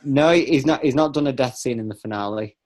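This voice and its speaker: A man chatting casually on a fan podcast, tripping over his words and restarting sentences as he gets excited. His pitch sits in an ordinary middle range. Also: a little fast. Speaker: podcast host.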